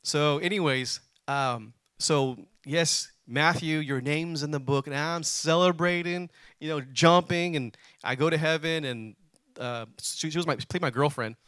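A man delivers a sermon in an animated storytelling way, urging the congregation to say words back. His voice is bright and sits a little high for a man. The sound is close and dry. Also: no room sound. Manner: animated, calls on the congregation to respond. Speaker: preacher.

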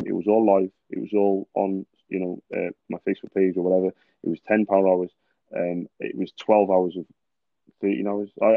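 Gravelly low-voiced man on a tinny line. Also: no room sound. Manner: rambling, earnest, talks in long run-on stretches. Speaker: podcast host. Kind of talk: casual interview chat.

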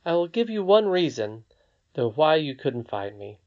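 Reader doing a gentle, wise old great-grandmother. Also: medium pitch, sing-song, moderate pace, close to an everyday voice. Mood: patient. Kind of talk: audiobook character voice. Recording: slightly dull lo-fi recording.

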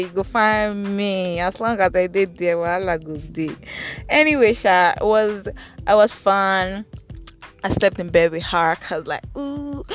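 A young woman with a Nigerian accent chatting playfully about her week in a car, slipping into Pidgin. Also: medium pitch. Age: young adult. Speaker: vlogger. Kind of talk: casual storytelling chat.

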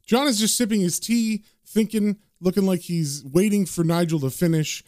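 A man's voice: high-pitched, normal speed, a little mellow, dry recording, studio quality. A man casually recapping and reading a comic aloud, with loose filler words. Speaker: comic book reader and recapper.

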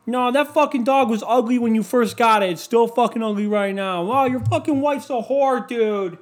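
A man voicing a drunk male relative who yells insults across a family dinner, in a shrill, shouting manner. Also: normal speed. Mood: drunk yelling.

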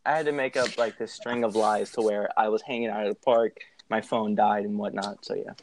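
A young man telling a story in a casual, animated way, swearing and laughing as he goes. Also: lowish voice, fairly quick, a little hiss or hum.

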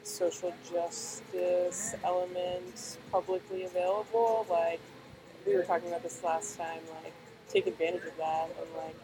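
A young woman chatting casually, rambling and filling her talk with pauses and fillers. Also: on the low side, level tone. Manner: rambling, filler-heavy storytelling. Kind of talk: casual chat. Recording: noisy background.

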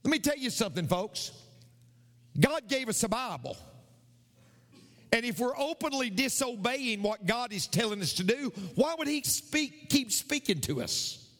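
A man's voice: extremely high pitch, very animated, unhurried, a bit bright, long reverb tail. A male pastor preaching a sermon, repeating his points with emphasis.

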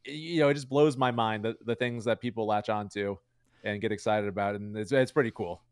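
A man's voice: fairly low pitch, fairly even intonation, fairly quick, clear, resonant tone, no echo, clean studio sound. A man talking as a streamer guest in a casual interview, rambling with lots of "like" and "you know" fillers.

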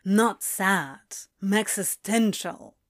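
A woman voicing a sardonic, weary male demon who speaks louder and more clipped than her narration. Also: medium pitch, expressive, drawn-out words. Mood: exasperated.

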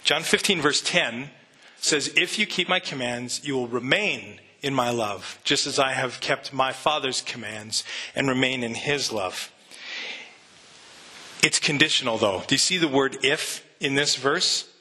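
A man's voice: mid-range voice, a little slow, pushed and bright, breathy edge. A man preaching a sermon to his church, earnest and conversational, often restarting his sentences. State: emotional, near tears. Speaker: pastor. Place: church sanctuary.

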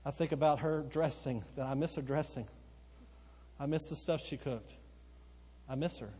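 Husky preacher man in a reverberant church. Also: medium pitch. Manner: preaching, swinging between loud emphatic outbursts and quiet, slow earnest passages; repeats phrases for emphasis. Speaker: pastor. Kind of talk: sermon. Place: church sanctuary. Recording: long church hall reverb. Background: occasional congregation responses.

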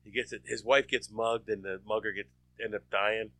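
A man in casual chat, recalling details haltingly and repeating words. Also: lowish voice, steady tone, a bit bright, no room sound.

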